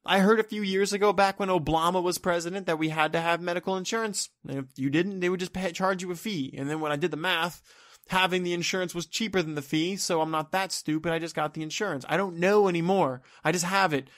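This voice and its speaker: A man with a fairly high voice rants into the camera in a vlog. He rambles and sounds exasperated, swearing freely and letting his words trail off into low mumbles. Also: quick pace, a bit bright. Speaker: vlogger. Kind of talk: ranting vlog.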